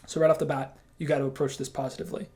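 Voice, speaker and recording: A young man leading a team training session, talking casually and with emphasis and acting out quick quoted lines. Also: medium pitch, flat delivery, warm tone. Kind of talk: training talk to camera.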